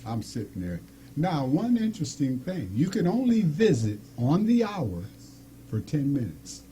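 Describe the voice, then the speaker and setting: A middle-aged man casually telling a personal story, animated, acting out the people in it and laughing often. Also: on the high side, measured pace, slight background noise.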